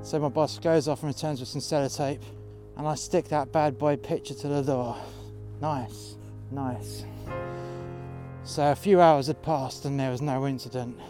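A man's voice: medium pitch, fairly even intonation, measured pace, over music. Blunt, swearing man telling a story. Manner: blunt, swearing, tough-talking. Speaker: storyteller, door security worker. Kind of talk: profane storytelling. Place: outdoors in freezing cold.

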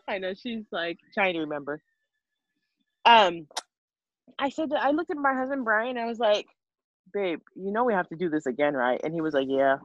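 A woman's voice: mid-range voice, very animated, moderate pace, long pauses, dry recording, lo-fi sound. A woman guest telling a personal story in conversation, earnest and emotional, with many asides and restarts. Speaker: interview guest, mother of five.

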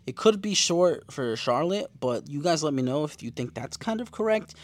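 A man's voice: a little high, normal speed, no echo. Slangy young man recapping a show. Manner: slangy, animated, reads his own notes aloud. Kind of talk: casual episode recap.

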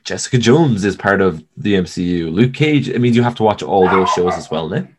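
A man with a fairly low voice talks loosely about movies in a casual podcast chat. He rambles, swears freely and drops jokey asides as he goes. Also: lively intonation, brisk, heavy background noise. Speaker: podcast co-host.

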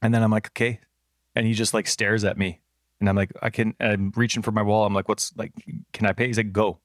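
Low-ish voiced guy on a podcast, telling a story and doing the voices, dry sound. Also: fast, dry recording. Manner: animated storyteller, acts out quotes. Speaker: podcast co-host. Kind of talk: casual chat.

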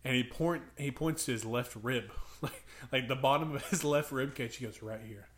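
A young man co-hosts a podcast in a mid-range voice at a moderate pace, chatting casually. He tells funny stories, acts out the kids' voices, and laughs along the way.

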